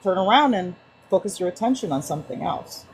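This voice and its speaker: Animated woman sharing stories on a call. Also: fairly low pitch, a little fast, slight background noise, low-quality recording. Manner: animated storyteller, many restarts and acted-out quotes. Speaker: book club participant. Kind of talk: casual sharing in a group call.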